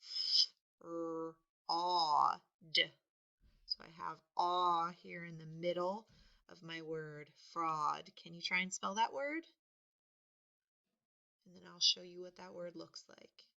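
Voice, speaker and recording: Woman teacher, slow patient spelling lesson, gravelly edge, dull lo-fi recording. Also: lowish voice. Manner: patient, sounds words out and stresses them loudly.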